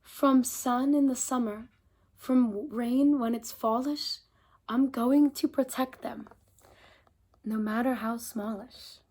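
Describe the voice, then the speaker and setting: A woman reading a picture book aloud, voicing a small young kangaroo who earnestly promises, in a soft voice, to protect the tiny. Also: a little high, steady tone, takes it slowly.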